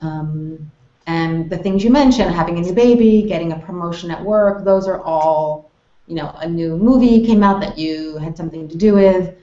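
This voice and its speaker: An American woman teaching English conversation, explaining clearly and acting out example phrases with exaggerated tone. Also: fairly low pitch, normal speed, warm tone. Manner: friendly, explanatory, models phrases with exaggerated intonation. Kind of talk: online English lesson hangout. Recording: roomy, dull web call audio.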